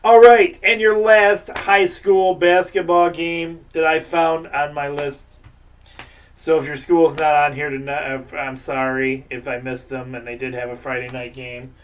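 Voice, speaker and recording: A man's voice: fairly high pitch, flat delivery, measured pace, distant mic. A man hosting a local sports show, giving casual, rambling game picks and previews.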